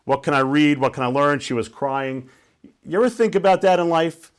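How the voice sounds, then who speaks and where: A man's voice: on the high side, normal speed, clean tone. Male guest speaker, casual storytelling talk, checks in with the audience. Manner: conversational, asks listeners questions.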